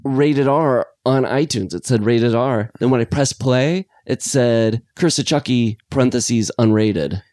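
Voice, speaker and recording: Brief: chatty male podcast co-host, animated and rambling, dry booth sound. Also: a little slow, few pauses, no room sound. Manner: excitable, animated rambling with pitch jumps. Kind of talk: casual film review chat.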